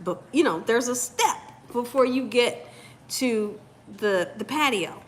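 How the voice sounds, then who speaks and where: A woman hosting a channel, telling a story in an animated, casual way and talking straight to viewers. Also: fairly high pitch, takes it slowly, slight background noise. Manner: animated, addresses viewers as "y'all". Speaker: cooking channel host.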